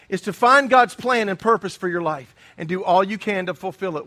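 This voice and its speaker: A man's voice: sits high, fairly quick, hardly any pauses, pushed and bright. A middle-aged man preaching a sermon, earnest and emphatic, often repeating his key phrases. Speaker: pastor.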